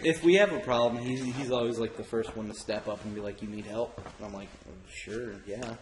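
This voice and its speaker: A man's voice: on the low side, fairly quick, noisy background. Man, casual co-host, laughs and swears, echoey room. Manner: laughing, swearing, acts out quoted people. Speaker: podcast co-host. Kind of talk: casual chat.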